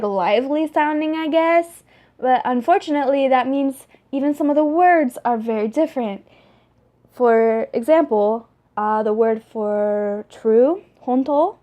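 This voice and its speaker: A young woman vlogging to her camera, chatty and rambling with lots of fillers and restarts. Her voice sits a little high, and she talks with animated energy. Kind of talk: casual vlog talk to camera.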